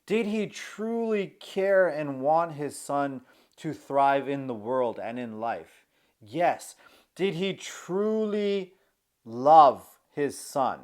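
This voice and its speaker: A man's voice: on the high side, animated. A young man giving an earnest self-help talk as a social anxiety coach, checking in often with the listener. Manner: earnest, keeps checking in with the listener by asking "okay?"; shifts pace often, slowing to stress key points.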